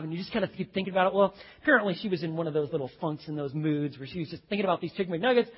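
High husky preacher in a hall. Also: male voice, rapid-fire, few pauses, highs cut off. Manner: animated storytelling, acts out quoted voices. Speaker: pastor. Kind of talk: sermon.

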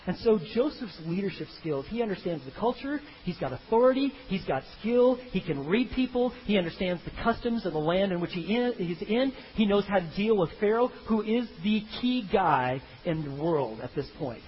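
A man preaching a sermon, animated, acting out the story in voices of its figures. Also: high voice, fairly quick, few pauses, lo-fi sound, a little hiss or hum. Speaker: pastor.

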